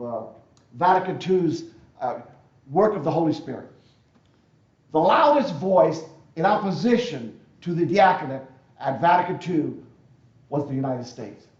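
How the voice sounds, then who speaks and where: A man's voice: on the high side, darkish tone. Man, keynote speaker, folksy, repeats himself, asks "right?" a lot, roomy hall, muffled sound. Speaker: keynote speaker at a deacon assembly. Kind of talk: conference talk. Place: lecture hall.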